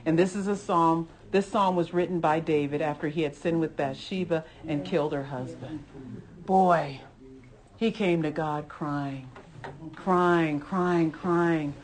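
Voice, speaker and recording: Low-voiced earnest woman Bible teacher. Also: fairly even intonation, unhurried. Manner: earnest, emphatic, repeats phrases, many "you know" asides. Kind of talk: conversational Bible lesson sermon.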